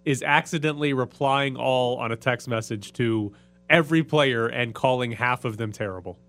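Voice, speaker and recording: A man's voice: mid-range voice, moderate pace, fairly bright tone, faint music behind. A man hosting a casual chat, asking questions in an easygoing way.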